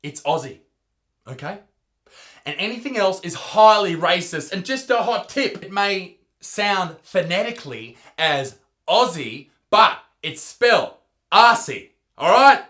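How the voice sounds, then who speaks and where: A man's voice: high voice, expressive, unhurried. A man with an Australian accent ranting crudely in a mocking comedic reaction, swearing often. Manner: loud, mocking, swears a lot. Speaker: comedy YouTuber reacting to a clip.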